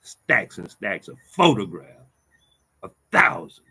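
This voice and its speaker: A man delivering an angry, profane monologue to his viewers, ranting emphatically, repeating himself and swinging between loud bursts and low muttering. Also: sing-song, slow, slightly rough. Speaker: vlogger.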